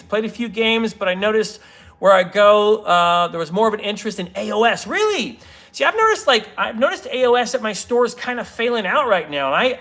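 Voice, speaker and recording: A man's voice: sits high, bright, forceful tone. A man chatting casually on a livestream while building models, rambling and interrupting himself as he reads comments.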